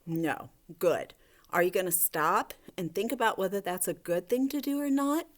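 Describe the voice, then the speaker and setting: A woman teacher giving a gentle, coaxing video lesson to young children, talking to a puppet. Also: medium pitch, animated, normal speed. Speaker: elementary school teacher.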